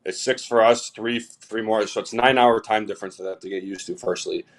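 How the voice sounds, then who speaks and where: A man's voice: fairly low pitch, steady tone, brisk. A man calling into a casual show, laying out his points in a matter-of-fact, laid-back way. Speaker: caller. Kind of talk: casual call-in chat.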